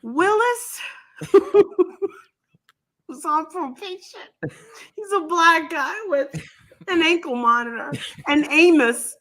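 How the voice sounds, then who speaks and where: A woman chatting casually and telling a story, swearing freely, laughing often and dropping her voice low to quote someone else. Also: animated, slow pace, pauses often, fairly bright tone. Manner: profane, laughing storyteller, quotes others in a lowered voice.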